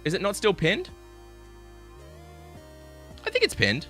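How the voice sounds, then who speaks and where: Young male streamer, lively, bright voice, casual storyteller who swears. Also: sits high, takes it slowly, soft background music. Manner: animated, swearing, laughing while telling stories. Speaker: livestreamer.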